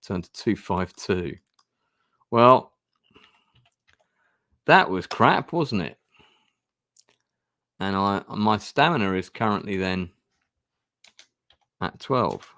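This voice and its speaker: Low-voiced man casually playing a gamebook. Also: animated, takes it slowly, gravelly, pauses often, fairly bright tone, dry recording. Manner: hesitant, chatty, swears casually. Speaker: gamebook player and streamer. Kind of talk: casual play-through narration.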